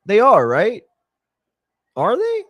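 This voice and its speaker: During a wrestling watch-along, a young man rambles through casual live chat, swearing casually and leaning on lots of fillers. He speaks slowly in a high, fairly bright voice with wildly swooping pitch, and there is no echo.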